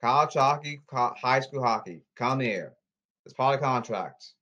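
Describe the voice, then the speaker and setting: A man podcasting alone in a repetitive, halting, pleading monologue. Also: mid-range voice, expressive, sharp tone. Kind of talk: rambling solo monologue. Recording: slightly dull lo-fi audio.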